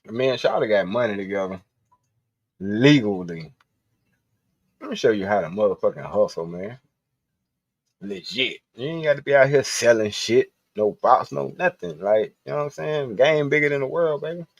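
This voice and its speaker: A man's voice: mid-range voice, animated, normal speed, no echo, dull audio. A man hosting a livestream, telling loose, profane stories with frequent laughter. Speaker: livestream host. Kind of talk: casual storytelling.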